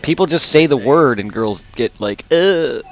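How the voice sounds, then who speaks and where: A man's voice: medium pitch, lively intonation, normal speed, fairly bright tone. A man chatting casually while streaming a game, rambling and repeating himself. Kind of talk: casual chat while gaming.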